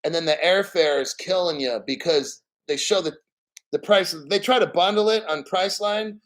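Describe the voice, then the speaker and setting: A man's voice: high-pitched, normal speed, low-quality recording. A man hosting a casual crypto stream, rambling bluntly and swearing freely. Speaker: crypto show host. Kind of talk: casual live-stream rant.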